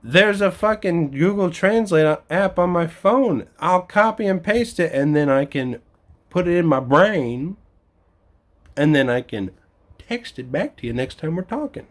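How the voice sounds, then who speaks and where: A man's voice: fairly high pitch, lively intonation, unhurried. Foul-mouthed man ranting and laughing. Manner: swears constantly, laughs between rants; mimics other people in quoted voices. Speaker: vlogger. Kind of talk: profane ranting monologue.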